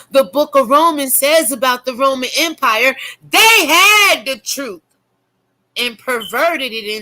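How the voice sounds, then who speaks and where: Middle-aged woman, forceful bright voice, preachy and profane online commentary. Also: on the high side. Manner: fiery, cursing, preachy. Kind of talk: profane religious rant.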